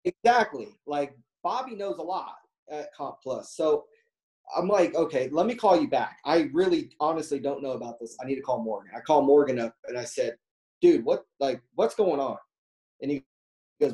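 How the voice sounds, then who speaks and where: A man's voice: on the high side, normal speed, mellow, low-quality recording. A man casually telling a story as an interview guest, rambling with lots of fillers and acting out quoted dialogue.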